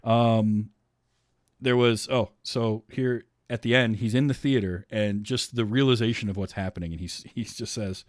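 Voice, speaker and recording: Male podcast host, lower voice, casual and wry, dry booth sound. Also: steady tone, normal speed, no room sound. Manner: chatty, laughs often, sarcastic asides. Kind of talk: casual chat.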